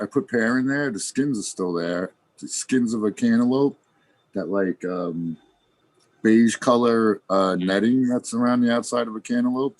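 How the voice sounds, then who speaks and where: A man's voice: mid-range voice, a little mellow, no room sound. A man chatting casually in a laid-back, rambling way, laughing often and trailing off mid-sentence. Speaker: podcast regular, worm grower. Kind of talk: casual chat.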